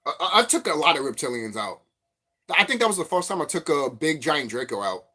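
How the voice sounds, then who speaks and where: A man vlogging as a spiritual commentator, telling stories in a rambling, profane, animated way. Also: on the high side, a little fast. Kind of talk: rambling casual monologue.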